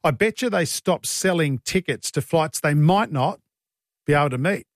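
A man's voice: a little high, expressive, moderate pace, dry recording, studio quality. Chatty Australian man on talkback radio. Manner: chatty, joking, blunt. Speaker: radio host. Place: radio studio. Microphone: studio mic.

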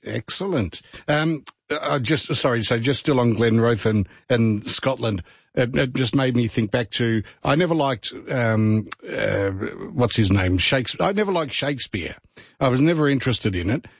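A man's voice: mid-range voice, animated, moderate pace, vocal fry, husky, no echo. A man co-hosting a radio show, chatting eagerly and repeating words as he gathers his thoughts. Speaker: radio co-host. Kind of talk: casual radio banter. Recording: dry, slightly muffled radio sound.

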